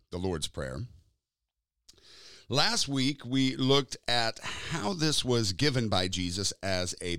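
A man hosting a sermon podcast, with a lively, sing-song opening that settles into slow, deliberate preaching. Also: fairly low pitch, dry recording, studio quality.

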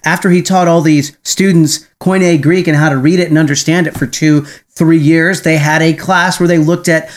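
Rambling man podcast host, slightly high voice. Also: steady tone, moderate pace, hardly any pauses. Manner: rambling, many restarts and tag questions. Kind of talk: casual chat.

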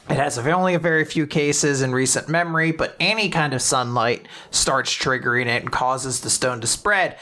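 Bright-voiced man recapping, animated. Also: on the high side. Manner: animated recapping with acted-out quotes and frequent laughs. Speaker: podcast co-host recapping manga. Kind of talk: casual chat.

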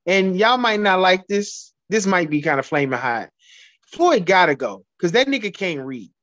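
A podcast guest in casual chat, ranting loudly and heatedly with heavy profanity. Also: male voice, high voice, big pitch swings, moderate pace, no echo, lo-fi sound.

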